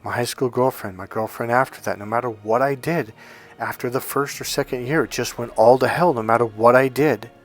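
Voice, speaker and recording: Man, dating coach, persuasive monologue, emphatic delivery, average pitch, soft background music. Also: brisk. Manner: emphatic, persuasive, acts out quoted voices.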